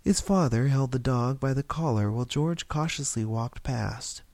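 A man's voice: medium pitch, normal speed, darkish tone, no echo. A man reading a story aloud, narrating with occasional slips and restarts.

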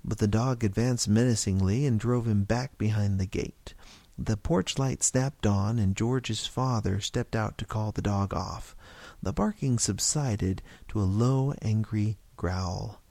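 Gravelly man reading a story aloud. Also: fairly low pitch, dark tone, dry recording. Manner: halting reading with slips and restarts. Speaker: narrator.

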